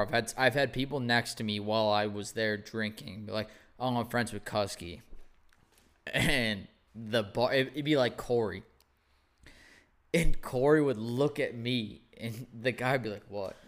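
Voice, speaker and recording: A young man hosting a podcast, telling animated stories in casual chat and swearing freely. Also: medium pitch. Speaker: podcast host, former bartender.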